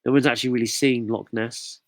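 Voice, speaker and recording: A man's voice: medium pitch, fairly even intonation, a little fast, dry recording. A man from the UK hosting a casual live quiz, jokey and chatty as he reads out viewers' comments. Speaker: quiz host.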